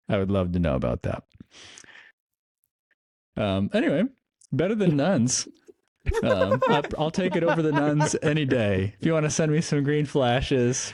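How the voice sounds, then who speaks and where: A man's voice: mid-range voice, darkish tone, no echo, studio quality. A man running a tabletop game who chats and narrates in a rambling, filler-heavy way. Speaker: game master. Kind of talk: casual chat and game narration.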